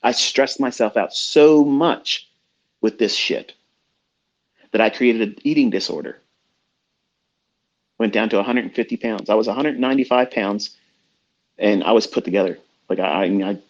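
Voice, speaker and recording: A man's voice: lowish voice, breathy edge. A middle-aged man mentoring traders in a blunt, profane, heated rant, heard over dull lo-fi online audio. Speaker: trading mentor. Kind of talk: ranting motivational talk.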